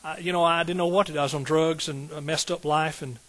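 Emphatic pastor preaching. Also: male voice, a little high, steady tone, fast, fairly bright tone, low-quality recording. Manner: emphatic, call-and-response preaching with rising outbursts. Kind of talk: sermon.

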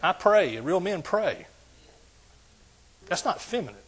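A man preaching a sermon to a congregation, asking them questions and building to loud exclamations. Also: sits high, very animated, unhurried. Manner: preaching with call-and-response, rising to shouts. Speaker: pastor.

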